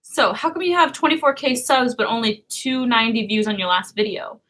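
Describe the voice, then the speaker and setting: A chatty woman from California co-hosting a casual online chat show. Her voice is bright and forward, and she runs on with fillers and quick laughs. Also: a little high, expressive. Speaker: YouTube co-host.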